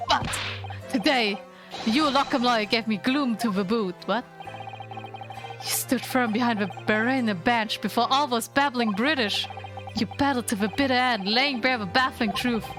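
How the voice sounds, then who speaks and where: A woman reading a game aloud, voicing an excitable, gushing young Japanese man with high, breathless, theatrical exclamations. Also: normal speed, over music, natural voice. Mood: rambling.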